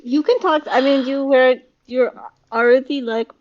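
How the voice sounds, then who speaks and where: A woman's voice: high-pitched, steady tone, a little slow, muffled recording. A woman playing a tabletop game, hesitant and trailing off mid-sentence. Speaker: player. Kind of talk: casual tabletop play.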